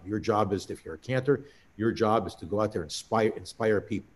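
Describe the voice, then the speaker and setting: An older man, a cantor, telling stories in conversation, halting and restarting as he reminisces. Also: on the low side. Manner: anecdotal, halting storyteller with many restarts.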